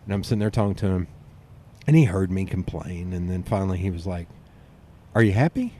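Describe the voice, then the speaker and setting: A man hosting a podcast, telling stories in a relaxed conversational way. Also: low voice. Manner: storytelling, quick and animated with restarts. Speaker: podcast host. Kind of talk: casual conversational interview.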